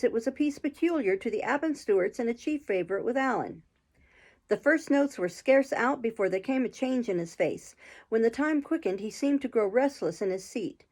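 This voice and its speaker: A woman's voice: medium pitch, a little mellow. A woman reading a classic adventure novel aloud, lifting her voice for the characters' quarrelling lines. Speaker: audiobook reader.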